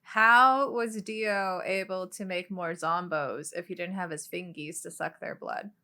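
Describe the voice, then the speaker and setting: Casting: curious female co-host, slightly low pitch, bright tone, quizzical. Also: steady tone, a little slow. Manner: quizzical, asks questions. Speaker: podcast co-host. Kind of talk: casual chat.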